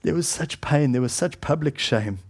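A middle-aged man serving as pastor preaches earnestly in a slightly high voice. His delivery halts and restarts, and he often lowers to a hushed, solemn tone.

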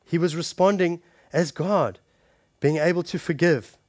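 A man preaching a sermon, calling his listeners friends and shifting between forceful punches and hushed scripture reading. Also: fairly high pitch, measured pace, no echo, clean studio sound. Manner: emphatic, addresses the congregation directly as friends.

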